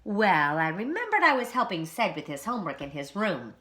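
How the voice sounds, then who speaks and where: A woman voicing a self-important aunt mouse in a storybook, speaking loudly and emphatically. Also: mid-range voice, big pitch swings, brisk, voice pushed up. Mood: emphatic.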